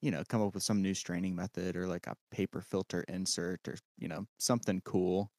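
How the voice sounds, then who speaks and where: A man co-hosts a casual coffee podcast in a laid-back, wry way. His voice is somewhat low, and the sound is dry and close. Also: steady tone, brisk, darkish tone, dry recording. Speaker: podcast co-host, cafe worker. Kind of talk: casual chat.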